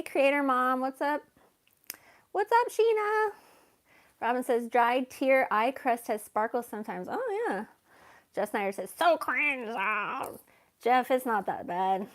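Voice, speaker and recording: Woman, livestream host; soft-spoken, chatty, a touch high-pitched. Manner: soft-spoken, chatty, baby-talks to her cat. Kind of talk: casual livestream chat, reading comments.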